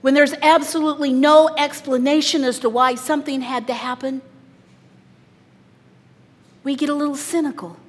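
A woman preaching a sermon, telling the story dramatically, her voice swelling loud and dropping soft. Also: high-pitched, steady tone, moderate pace, pauses often. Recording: long reverb in a large hall.

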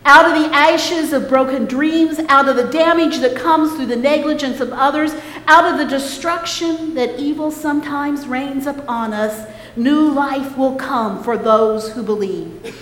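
Slow, high-voiced woman preaching in an echoey hall. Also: fairly bright tone, a little hiss or hum. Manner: slow, emphatic preaching with calls for response. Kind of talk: sermon. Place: church sanctuary.

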